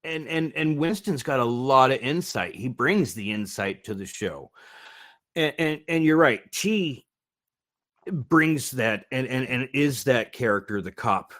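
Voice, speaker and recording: A man's voice: medium pitch, lively intonation, a little slow, fairly bright tone. A man co-hosting a casual podcast chat, laughing often and retelling movie scenes. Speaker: co-host.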